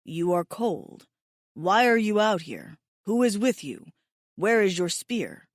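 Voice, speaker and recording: A woman's voice: medium pitch, very animated, slow, no room sound, clean studio sound. A woman voicing a big, stern, protective male alien warrior who speaks in terse, formal sentences without contractions. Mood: stern concern.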